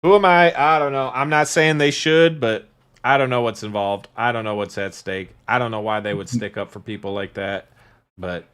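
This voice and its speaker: A man co-hosting a casual podcast, talking in a rambling, sarcastic way and often trailing off mid-thought. His voice sits at a middling pitch, neither high nor low. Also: normal speed, fairly bright tone, smooth. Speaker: podcast co-host.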